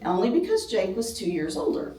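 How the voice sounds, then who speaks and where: A woman's voice: mid-range voice, very animated, fairly quick, mellow. A middle-aged woman leading a ladies' Bible class in a church classroom, talking conversationally with many ums and some self-deprecating humor. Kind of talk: informal Bible class talk. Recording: roomy, distant from the mic.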